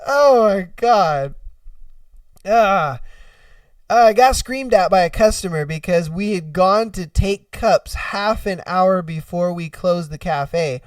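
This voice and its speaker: A man hosting a podcast, telling stories in an animated, profane way and laughing often, recorded dry and a little away from the mic. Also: high voice, slow pace, dry recording, distant mic. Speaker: podcast host. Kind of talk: casual storytelling and reacting.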